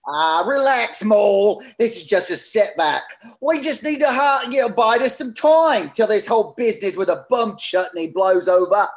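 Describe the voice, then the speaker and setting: A man's voice: sits high, normal speed, few pauses. A man playing a scheming female con artist with a Cockney accent, reading a comic play over a video call. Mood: coaxing. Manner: cocky, reassuring, conspiratorial.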